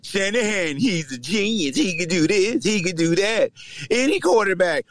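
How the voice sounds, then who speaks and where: High-voiced man ranting and taunting. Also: animated, moderate pace, no echo. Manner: loud, taunting trash talk with shouting bursts. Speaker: podcast host. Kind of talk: sports podcast rant.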